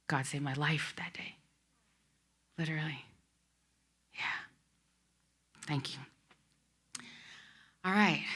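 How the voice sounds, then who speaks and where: A woman's voice: deep voice, fairly bright tone. A woman giving an inspirational talk to an audience, telling a personal story in an emotional, heartfelt way and speaking to the listeners directly. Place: expo talk before an audience.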